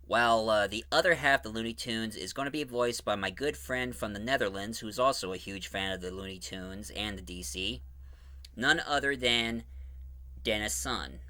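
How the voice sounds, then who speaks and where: A man's voice: lowish voice, moderate pace, pushed and bright. A man hosting his own fan audio drama channel, chatting casually and enthusiastically about casting, rambling and correcting himself as he goes. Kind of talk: casual preview talk.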